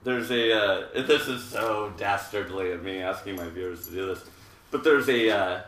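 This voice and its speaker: Man in his 30s, rambling live-stream chat, forceful bright tone, slightly low voice, echoey room, mic set back. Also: normal speed. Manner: rambling and jokey, with many fillers and asides. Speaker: hairdresser hosting a live haircutting show. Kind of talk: casual live-stream chat while demonstrating a haircut. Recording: roomy, distant live-stream audio.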